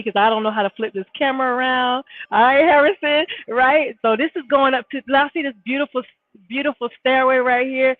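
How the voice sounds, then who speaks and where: A woman's voice: high voice, no echo. Hyped woman on a tinny phone mic. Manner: energetic, hyped, repeats words. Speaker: event organizer giving a tour. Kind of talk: live walking tour on a phone. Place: indoor hotel hallways and rooms. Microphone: phone held while walking. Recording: tinny phone-mic audio with faint music.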